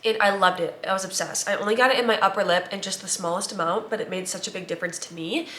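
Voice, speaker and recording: A woman's voice: medium pitch, fast talker, pushed and bright. A stuffy-nosed young woman in her twenties rambles through a casual vlog. She leans on "like" and "um", sounding congested. Her voice rings a little in an echoey room. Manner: rambling, filler-heavy, chatty. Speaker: vlogger, new mother. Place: at home and in a car.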